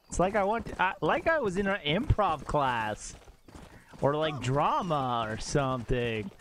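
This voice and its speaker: A young man chatting casually while live-streaming a game at home, excitable and quick to exclaim and laugh. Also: fairly high pitch, a little hiss or hum.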